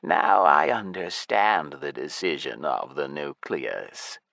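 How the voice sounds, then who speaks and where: A man voicing a cold, emotionless male lich who speaks slowly and states everything as plain fact. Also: a bass voice, vocal fry, no room sound, clean studio sound, pitched below the performer's own voice, full character voice. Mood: cold flat. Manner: slow, flat, stating facts.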